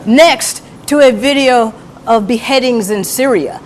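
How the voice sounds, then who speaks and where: A speaker giving deadpan comedy commentary as a media analyst, with dry, wry asides. The voice sits at a middle pitch, with a faint hiss behind it. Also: measured pace.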